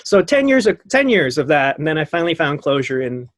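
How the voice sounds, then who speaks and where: A man in his thirties telling a story as a podcast guest, lively and acting out what people said, laughing often. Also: a little high, brisk, no room sound. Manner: animated, acts out quotes, laughs often. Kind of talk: casual storytelling.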